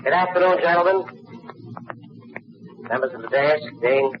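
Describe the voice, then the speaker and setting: A man hosting a roast, telling comic stories in a mock-sincere tone that climbs into loud, profane punchlines. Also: fairly high pitch, moderate pace. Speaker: master of ceremonies at a roast. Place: banquet hall. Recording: dull noisy 1950s archival recording.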